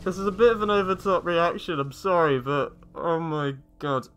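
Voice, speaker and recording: A man's voice: fairly high pitch, moderate pace. A man hosting a reaction video, talking casually and emotionally, swearing and laughing often. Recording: talk over loud show music.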